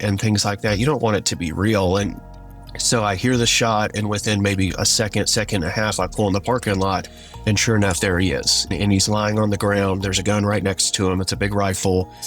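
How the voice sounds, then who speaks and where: A man with a drawl recounts a personal story, earnest and halting, leaning on "like" as he goes. His voice sits fairly low. Soft music plays faintly behind him. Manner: earnest and halting, many "like" fillers. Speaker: guest sharing his testimony.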